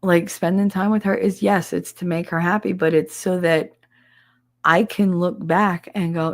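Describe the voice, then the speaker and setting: A woman's voice: lowish voice, normal speed, no room sound. A middle-aged woman with a New Jersey accent, hosting a casual livestream chat, blunt and abrasive and cursing freely. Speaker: livestream host.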